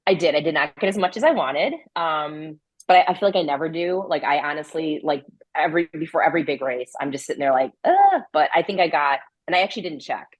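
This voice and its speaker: A low-pitched woman talks through a casual interview in a loose, chatty way. She leans on fillers and breaks into laughs often, and her voice sounds dry and close to the mic. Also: quick pace, hardly any pauses, dry recording, poor audio. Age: adult with a grown daughter. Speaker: interview guest, ultrarunner.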